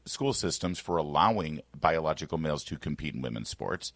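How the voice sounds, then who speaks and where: A man's voice: extremely low pitch, expressive, a little fast, gravelly, background noise. A man hosting a political talk radio show, arguing emphatically with rhetorical questions. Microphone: studio microphone.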